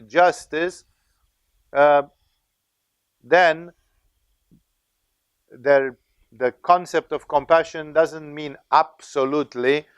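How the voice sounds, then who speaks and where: A man's voice: fairly high pitch, clear, resonant tone, no room sound. A man teaching as a spiritual teacher, lecturing in a discursive, conversational way with frequent tag questions.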